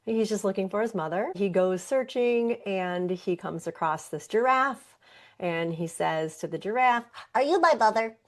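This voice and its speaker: A woman's voice: mid-range voice, unhurried. A woman podcast host and yoga teacher giving an earnest, conversational wellness talk. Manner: earnest, conversational, with occasional laughs.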